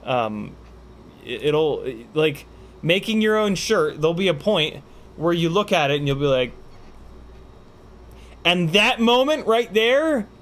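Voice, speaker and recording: A man's voice: fairly high pitch, lively intonation, a little slow. A man hosting a casual livestream Q&A, joking, swearing and rambling with lots of fillers while he reads out viewer questions. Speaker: livestream host.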